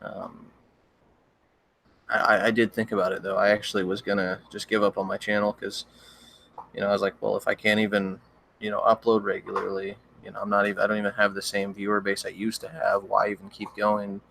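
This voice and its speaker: A young man, a horror story narrator, chatting casually on a livestream, rambling and hesitant, his voice cracking and needing throat-clearing now and then. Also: lowish voice, completely flat delivery, brisk, fairly bright tone, slight background noise. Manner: rambling, hesitant, with many restarts and fillers.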